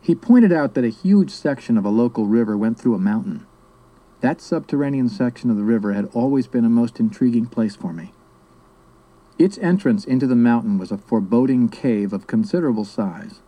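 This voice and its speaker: A man from South America reading his memoir aloud in a steady, measured storytelling manner. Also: medium pitch, low-quality recording. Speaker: narrator.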